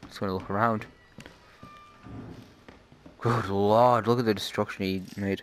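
A man's voice: lowish voice, fairly even intonation, measured pace, long pauses. Chatty jokey gamer man. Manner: chatty, jokey, easily startled. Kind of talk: casual gameplay commentary.

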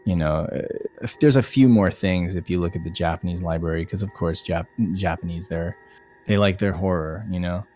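A man's voice: low-pitched, normal speed, mellow, soft background music. A man co-hosting a casual podcast, chatty and rambling, laughing often. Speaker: podcast co-host. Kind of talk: casual chat.

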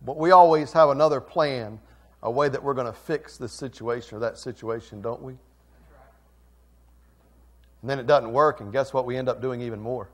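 A man preaching a sermon as pastor talks briskly in a mid-range voice. He's emphatic, swinging between quiet asides and loud calls and repeating phrases for emphasis.

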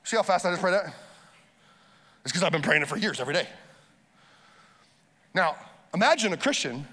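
A man preaching a sermon as pastor, energetic, with urgent appeals and calls for the congregation to respond. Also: high-pitched, fairly quick. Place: church auditorium. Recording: live sermon in a large reverberant hall with faint music.

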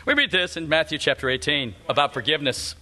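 High-voiced, bright, lively male preacher. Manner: emphatic, repetitive preaching with slowed punchlines. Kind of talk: sermon. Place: church sanctuary.

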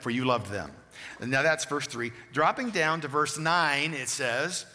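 A man preaching a sermon, reading long scripture passages aloud and checking in with quick questions to the congregation. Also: a little high, sharp tone. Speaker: pastor. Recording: long hall reverb.

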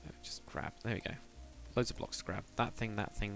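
A man's voice: on the low side, steady tone, fairly quick, vocal fry, a bit bright, faint music behind. A man on a casual live stream, thinking aloud and muttering to himself as he builds, stopping now and then to read out and answer viewer chat.

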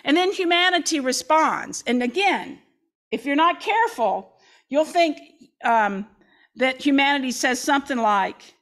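A woman's voice: sits high, lively intonation, measured pace, fairly bright tone. A woman pastor preaching a sermon, reading scripture dramatically with folksy asides.

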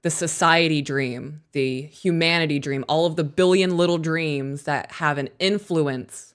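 A woman co-hosting a podcast, talking casually and telling stories in a candid, animated way, swearing freely. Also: low-pitched, unhurried. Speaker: podcast co-host.

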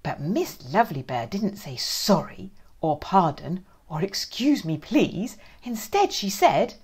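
A woman's voice: low-pitched, very animated, slow, slightly rough. A woman and children's author reading her picture book aloud, playful and dramatic, with whispered asides and sound effects.

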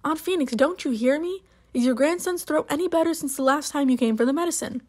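Impatient storybook nurse, read by a woman: brisk, pressing, higher voice. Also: close to an everyday voice.

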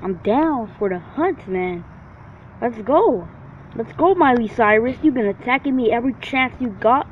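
A gamer with a very high, lively voice delivers brash, trash-talking let's-play commentary packed with swearing at a normal pace. The recording is dull and lo-fi, with a faint hiss.

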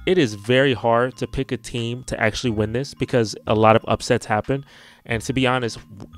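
Young man from Houston thinking aloud. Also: mid-range voice. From Houston, Texas. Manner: rambling, offhand, repeats words while deciding. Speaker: sports YouTuber. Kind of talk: casual vlog, thinking aloud while filling out a bracket.

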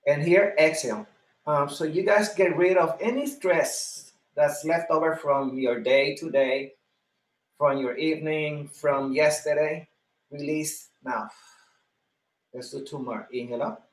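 A man's voice: a little high, steady tone, unhurried, reverberant. A man leading a live online exercise class, counting repetitions, cueing breathing and encouraging students by name. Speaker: fitness instructor.

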